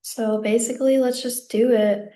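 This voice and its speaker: A young woman giving a casual psychic tarot reading, a little out of breath, gentle and reassuring as she rambles with fillers. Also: on the high side, fairly even intonation, normal speed. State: slightly out of breath. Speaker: tarot card reader.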